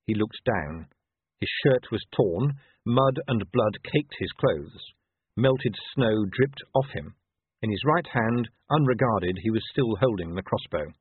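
A man reads an audiobook in a measured, expressive voice with a lively pitch. His tone is husky. The sound is thin and dry, like a phone line. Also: no echo. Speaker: audiobook narrator. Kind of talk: audiobook narration.

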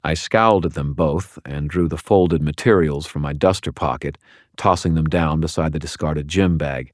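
A man's voice: rumbling low, normal speed, no echo. A man reading a first-person audiobook aloud in a wry, dry style. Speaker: audiobook narrator.

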